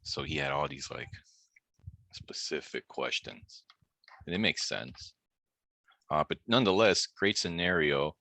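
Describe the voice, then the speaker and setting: A man hosts a casual group video call in a relaxed, chatty way. His voice sits very low and sounds bright. The room sounds dry and close. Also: unhurried, gravelly, pauses often, dry recording. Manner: relaxed, chatty, laughs while retelling. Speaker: host of an online practice group.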